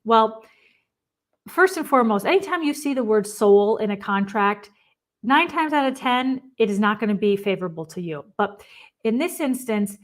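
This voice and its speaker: A woman presents a professional webinar over what sounds like a desk microphone on a video call. Her voice sits a little high for a woman. She explains points emphatically and slips into quick acted-out client quotes. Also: lively intonation. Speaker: risk management presenter.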